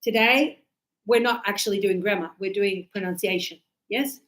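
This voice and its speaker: A woman with a medium-pitched voice teaches English pronunciation to a class at a moderate pace, animated as she acts out examples and often checks that everyone understands. The recording quality is low.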